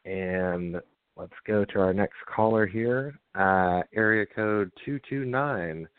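Calm male call-in host, dry close sound, thin phone-like audio. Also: lowish voice, takes it slowly, smooth, no echo. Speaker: radio show host. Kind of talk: call-in show hosting. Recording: tinny phone-like line.

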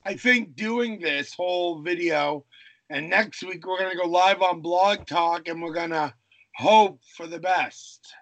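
A man's voice: high voice, a little slow, fairly bright tone, dry recording. A man co-hosting a casual live podcast, easygoing and agreeable. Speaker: podcast co-host.

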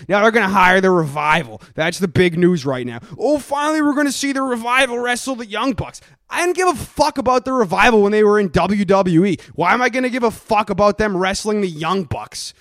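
A man's voice: high voice, no room sound, clean studio sound. A young man doing an aggressive, mocking, profanity-heavy comedic rant as a wrestling pundit character.

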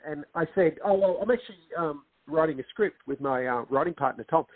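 Male director guest, husky and a touch high, earnest explainer, tinny dry line. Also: a little fast, hardly any pauses, no echo. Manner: earnest, explanatory storytelling with acted quotes. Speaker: film director and co-writer, guest. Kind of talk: casual interview. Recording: tinny phone-line sound.

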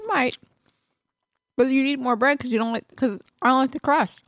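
A woman's voice: sits high, fairly even intonation, normal speed, fairly bright tone, no room sound. A woman co-hosting a podcast in a studio, chatting casually and rambling with restarts. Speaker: podcast co-host. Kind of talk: casual chat.

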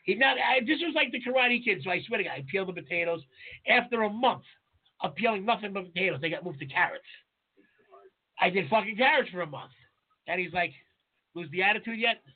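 A high-pitched, husky man, rattling off profane kitchen war stories at a quick clip. The sound is thin and tinny, like a phone line. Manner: profane, animated storytelling. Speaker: podcast co-host, chef. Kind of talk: casual chat, storytelling.

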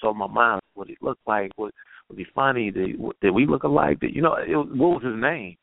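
A man guest telling a personal story in an earnest, halting way, with many restarts, heard over a tinny phone line. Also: medium pitch, vocal fry, no room sound. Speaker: guest poet.

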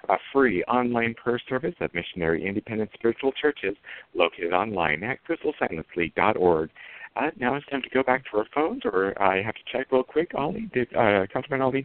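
A man hosting a radio show, reading sponsor announcements with quick asides. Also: lowish voice, no room sound. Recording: dry tinny phone-line audio.

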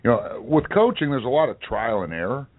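A man co-hosting a sports talk show in casual chat, halting with many fillers and restarts. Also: mid-range voice, expressive, a little hiss or hum. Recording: tinny phone-like audio.

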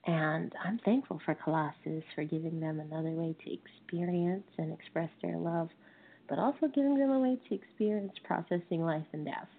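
A woman in her thirties, a lay minister giving a dharma talk, telling a family story slowly and gently with wry humor. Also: on the low side. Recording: tinny phone-like sound.

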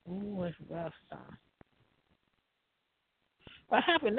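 Raspy high-voiced man on a tinny line. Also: sing-song, measured pace, pauses often. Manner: profane, rambling, laughs often. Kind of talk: rambling monologue. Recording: tinny phone-like line, dry.

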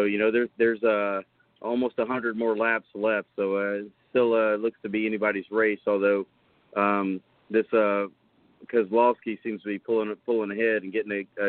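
A man's voice: fairly low pitch, no echo. Hesitant man on a dry phone line. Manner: hesitant, many fillers and restarts. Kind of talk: casual live show chat.

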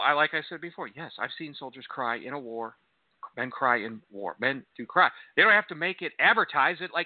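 A man hosting talk radio, scoffing and sarcastic as he comments, now and then mimicking people in a mocking voice. His sound is thin and phone-like, with no room echo at all. His pitch sits in the middle of the male range. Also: animated, brisk. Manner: sarcastic, scoffing, mocks in a high voice. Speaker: radio host. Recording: dry, tinny phone-like sound.

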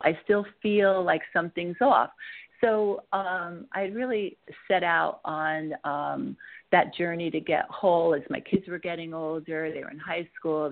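A woman's voice: lowish voice, gravelly. A middle-aged woman, a guest author, tells her personal story in a candid, rambling way with many fillers and restarts over a phone line. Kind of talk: personal storytelling in a podcast interview.

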